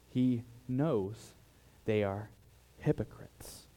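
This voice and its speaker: A man preaching a sermon, who swings between loud, emphatic lines and quiet, dropped asides. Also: unhurried. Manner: dramatic shifts in loudness, mimics flatterers in higher voice. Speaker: pastor.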